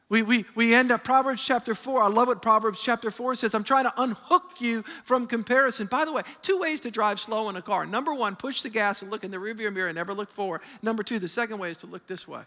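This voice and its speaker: A man in his fifties, a pastor preaching a sermon with call-and-response and animated storytelling. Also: high voice. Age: 50s. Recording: long reverb of a large hall.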